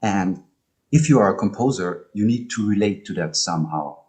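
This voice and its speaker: Very low-voiced man giving an online academic talk. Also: animated, moderate pace, darkish tone. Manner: hesitant, many ums and restarts. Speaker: speaker presenting on music and poetry. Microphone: video call.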